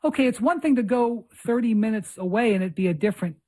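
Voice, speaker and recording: A man's voice: sits high, lively intonation, fast talker, a little mellow. A man hosting a basketball podcast remotely, telling a long rambling story in casual chat. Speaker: podcast host. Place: remote location abroad.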